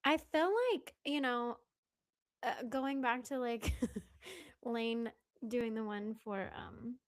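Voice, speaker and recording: A young Southern American woman chatting on a live stream with a fairly high voice. She giggles a lot and slips into whispered asides between her chatter. The sound is dry and close, with no room around her. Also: slow, clear, resonant tone, no echo. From Southern United States. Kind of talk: casual live stream chat.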